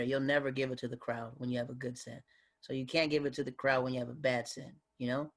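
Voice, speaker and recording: Male comic telling road stories, animated, average pitch. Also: fast talker. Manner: animated, acts out other people's voices. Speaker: guest comedian. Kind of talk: casual storytelling in a podcast interview.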